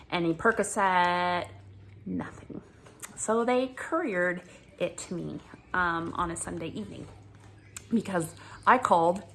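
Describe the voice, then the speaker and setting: A woman's voice: on the low side, a little hiss or hum. Exasperated woman telling her own story. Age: adult with children. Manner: animated, exasperated, laughs often. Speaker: vlogger. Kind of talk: casual storytelling vlog.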